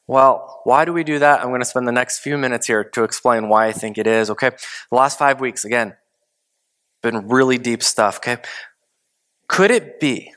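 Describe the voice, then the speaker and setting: At a moderate pace, a pastor preaches a conversational sermon built on rhetorical questions. His delivery swings between loud emphasis and soft, low asides.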